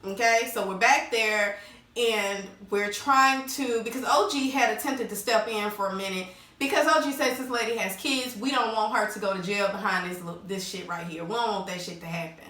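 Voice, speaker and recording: A woman recapping a reality show in a casual, slangy, animated way, acting out quotes in changing voices. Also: medium pitch, moderate pace. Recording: roomy echo, distant mic.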